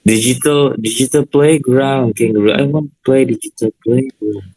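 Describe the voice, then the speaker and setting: A man co-hosting a live stream, speaking in halting, slightly broken English and repeating his questions. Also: mid-range voice, steady tone, darkish tone, no room sound, poor audio. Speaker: stream co-host. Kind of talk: playful live-stream banter.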